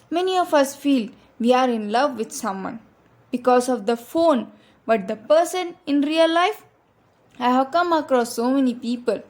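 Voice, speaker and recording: Woman, high-pitched, religious advice talk, earnest, direct, repeats key points. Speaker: Islamic speaker.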